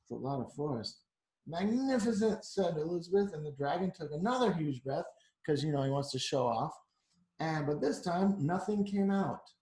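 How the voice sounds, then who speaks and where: A man reading a picture book aloud to children, breaking off for chatty asides as he goes. His voice sits a little high for a man, and a roomy echo hangs around it. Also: lively intonation, moderate pace, a little mellow. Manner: chatty, adds asides to the kids.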